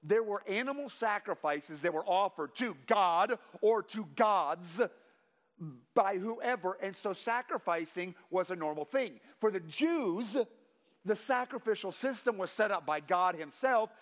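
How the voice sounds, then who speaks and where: A man preaching a sermon to his congregation, reading scripture slowly with emphasis and praying in a softer voice. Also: high voice, expressive. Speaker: pastor. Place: church sanctuary. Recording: long reverb of a large hall.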